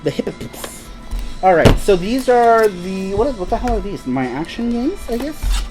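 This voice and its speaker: A man's voice: sits high, animated, normal speed, music in the background, low-quality recording. A man hosting a casual live stream, chatting in a rambling, laid-back way and laughing easily. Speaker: host.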